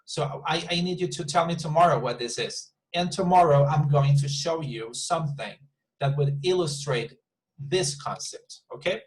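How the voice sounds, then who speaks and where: Man, English teacher, patient, repeats himself, fairly high voice, video call. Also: normal speed, rough recording. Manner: patient, repeats and restarts words while explaining. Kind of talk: online class instruction.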